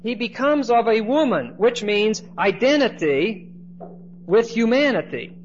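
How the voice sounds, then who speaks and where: A man teaches a Bible class lecture-style, frequently checking in with listeners by asking "okay?" His voice is high-pitched, animated, and a little slow. The recording is dull and lo-fi with faint noise.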